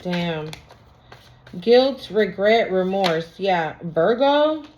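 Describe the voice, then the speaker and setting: A woman's voice: mid-range voice, expressive, extremely slow, darkish tone, slight background noise. A woman doing a casual tarot reading, talking bluntly with slang and profanity. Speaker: tarot reader. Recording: lo-fi recording.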